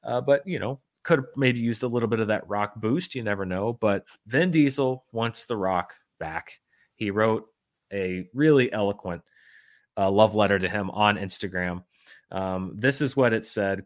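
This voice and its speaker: A man's voice: on the low side, normal speed. Wry, joking male podcast host. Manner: joking, wry, with many fillers and restarts. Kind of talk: casual chat reading news.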